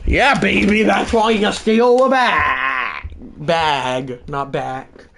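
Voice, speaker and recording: Man, high voice, unhurried, excitable game commentary, shouted play-by-play calls, faint background hiss. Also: creaky. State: out of breath. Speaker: gaming livestreamer. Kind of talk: live gameplay commentary.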